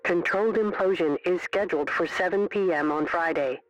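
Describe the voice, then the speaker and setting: A reader voicing a cold automated male broadcast heard over a broken radio transmission, delivered as a flat announcement. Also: fairly low pitch, brisk, no room sound. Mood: announcing. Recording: muffled distant radio.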